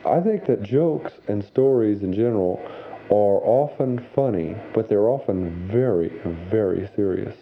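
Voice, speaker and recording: A man's voice: lowish voice, expressive, measured pace. A man explaining his views in a thoughtful documentary interview. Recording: phone-like recording with faint noise.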